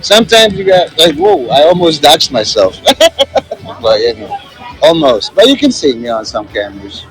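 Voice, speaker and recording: Out on a city plaza, a man with a fairly high, sing-song, fairly bright voice vlogs into his handheld phone at normal speed. It's casual walking commentary, rambling and jokey with many fillers, captured on a rough recording with faint music behind.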